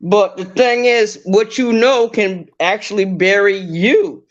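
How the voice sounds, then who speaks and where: A woman speaking slowly and deliberately as a call-in guest, blunt and emphatic, going over her points more than once. Her voice comes through an online call with dull, muffled lo-fi audio. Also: mid-range voice. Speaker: guest caller. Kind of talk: casual drama commentary. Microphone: online call through a browser.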